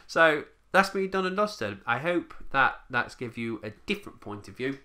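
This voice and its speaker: A man's voice: mid-range voice, big pitch swings, normal speed, sharp tone. A man, a YouTuber ranting bluntly to camera in a casual, swearing way.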